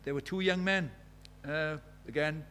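Man preaching, fairly high voice, earnest, pressing questions, faint hum underneath. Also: unhurried, a bit bright. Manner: earnest, questioning, retells conversations in quoted dialogue. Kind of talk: sermon.

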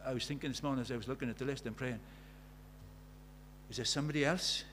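A man's voice: medium pitch, steady tone, fast, fairly bright tone, a little hiss or hum. A man preaching a sermon in an earnest way, telling stories and asking his listeners many questions.

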